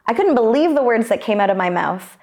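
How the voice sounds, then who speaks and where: A woman's voice: fairly high pitch, expressive, a little fast, darkish tone. A young adult woman preaching a sermon in an earnest, personal way, telling stories from her own life and often restarting her phrases.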